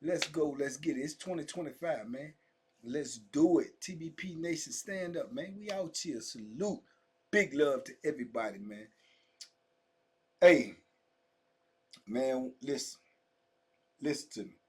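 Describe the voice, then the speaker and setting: A husky, dark-toned middle-aged man hosts his own channel and tells prison stories straight to his viewers. He talks in heavy street slang, hammers his points home by repeating them, and shouts out to his fans. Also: fairly high pitch, animated, measured pace, pauses often. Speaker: host telling prison stories. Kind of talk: casual storytelling monologue to viewers.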